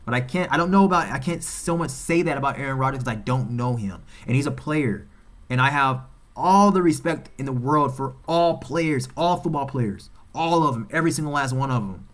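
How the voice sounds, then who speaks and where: A man on his own football channel rants unscripted, cursing freely and circling back over the same points. His voice swings wide, sinking to low grumbles and climbing to heated shouts. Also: animated, brisk. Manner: heated, profane, repeats himself, swings from muttering to shouting. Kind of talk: unscripted sports rant to camera.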